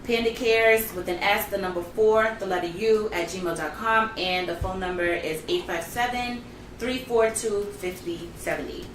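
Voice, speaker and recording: A woman guest in casual chat who talks directly and plainly. She sits away from the mic in an echoey room. Steady background noise runs under her voice. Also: medium pitch, normal speed, far from the mic. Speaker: guest, behavior therapist.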